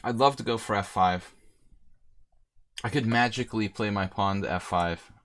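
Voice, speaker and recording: A middle-aged American chess streamer with a low, deep voice thinks aloud through his moves during a live game. He's chatty and wry, speaking at normal speed over slight background noise, and breaks off to joke around with viewers, answering chat mid-game.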